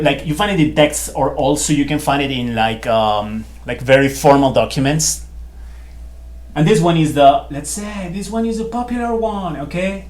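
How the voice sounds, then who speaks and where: A man with a slightly raised voice explains grammar to beginners. He talks in a relaxed, rambling way, restarting phrases and checking in with "right?" and "okay?". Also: fairly high pitch. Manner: chatty, repeats himself, many fillers. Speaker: Spanish teacher. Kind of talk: casual whiteboard lesson.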